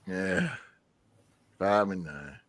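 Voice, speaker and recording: Animated man hosting a sports podcast. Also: on the low side, very slow, creaky, no echo. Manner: animated, laughs often, slangy. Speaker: podcast host. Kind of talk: casual sports podcast banter.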